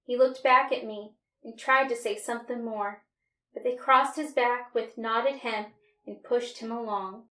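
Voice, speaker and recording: A woman reading a storybook aloud with an expressive, dramatic delivery. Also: on the high side, a little slow. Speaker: storybook reader. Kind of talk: read-aloud storybook narration. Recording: roomy, distant mic.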